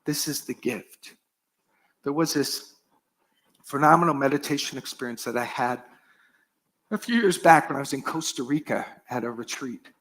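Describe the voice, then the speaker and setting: A middle-aged male pastor giving an earnest sermon, shifting often from strong emphasis down to soft, almost whispered phrases. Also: mid-range voice, expressive, normal speed, pauses often. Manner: earnest, varied dynamics, drops to soft near-whispers.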